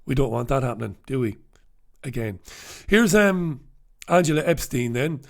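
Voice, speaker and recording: A man's voice: mid-range voice, expressive, normal speed, creaky. A man hosting a newspaper review in a casual, sarcastic, blunt and profane commentary style, with mocking asides.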